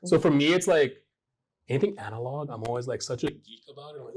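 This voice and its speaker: A man from Hawaii, a fashion designer, chatting casually on a panel and telling animated stories with lots of fillers. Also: medium pitch, fast. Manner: animated storytelling, many fillers.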